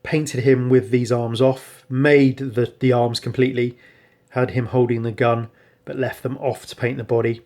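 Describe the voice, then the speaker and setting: A man's voice: mid-range voice, little pitch movement, normal speed, a little mellow. A man casually showing off his painted miniatures, rambling with frequent ums and self-corrections. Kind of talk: casual show-and-tell narration.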